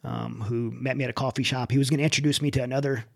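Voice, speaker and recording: A man's voice: medium pitch, steady tone, rapid-fire, vocal fry. A middle-aged man and military veteran, guest in an interview, candidly telling his own story with many restarts. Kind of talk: personal testimony in conversation.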